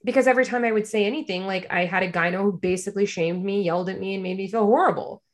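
Brief: young woman, casual storyteller, animated, acts out the voices of people she quotes. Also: medium pitch, very fast.

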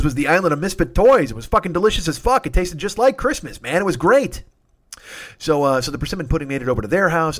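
A middle-aged man hosting a podcast, telling a rambling, profane, excitable comic story. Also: fairly high pitch. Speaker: podcast host.

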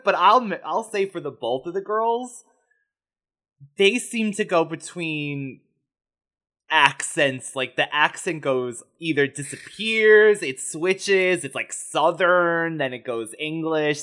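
Man, podcast co-host, bright forceful tone, casual, wry asides. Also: fairly high pitch, lively intonation, takes it slowly. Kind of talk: casual film discussion.

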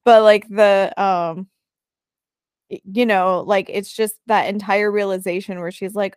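A woman's voice: medium pitch, fairly even intonation, measured pace, darkish tone, clean tone, no room sound. A woman co-hosts a laid-back book podcast, musing aloud and working through her thoughts as she talks. Her voice is mid-range, and the recording is dry and close. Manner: conversational, thinking aloud with fillers. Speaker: podcast co-host. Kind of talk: casual chat about a book.

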